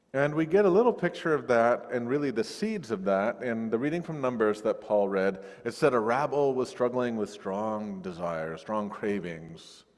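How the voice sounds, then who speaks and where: A male pastor giving a sermon in a conversational, lively way, recorded over a video call. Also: fairly low pitch, in a large hall. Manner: conversational, animated when acting out quoted voices. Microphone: recorded via video call.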